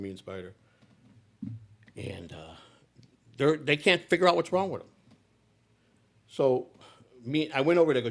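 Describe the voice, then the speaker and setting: Older man telling a rambling story. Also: mid-range voice. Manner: rambling, with many restarts and repetitions. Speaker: political candidate. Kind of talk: live speech, personal storytelling.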